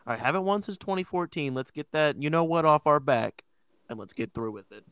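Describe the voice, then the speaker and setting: A man's voice: a little high, lively intonation, a little fast, a bit bright, clean tone, no room sound. A man co-hosting a casual sports podcast, throwing in dry wisecracks. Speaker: podcast co-host.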